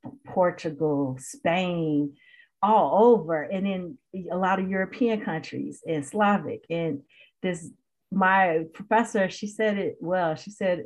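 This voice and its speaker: A woman from Chicago, a podcast guest in casual conversation, animated and quick to laugh. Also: lowish voice.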